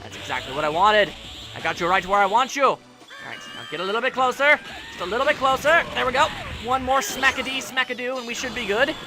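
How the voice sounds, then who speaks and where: High-voiced, jokey gaming host. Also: male voice, animated, fast talker. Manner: jokey, goofy, taunts the enemy. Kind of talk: let's play commentary. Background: faint game music.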